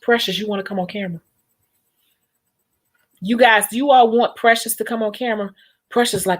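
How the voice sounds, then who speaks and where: A young woman on her home vlog, talking to her viewers in a loose, chatty way. She moves between animated asides and quick laughs. Her voice sits in an ordinary middle pitch. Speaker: nail technician. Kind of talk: casual vlog chat with viewers.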